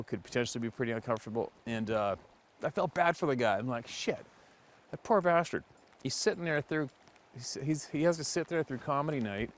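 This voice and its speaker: A man spins a casual story with lively, emphatic delivery and plenty of cursing. His voice sits at an everyday middle pitch. A faint hum of vehicle noise runs behind him. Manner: animated, emphatic, cursing freely. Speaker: hunting channel host.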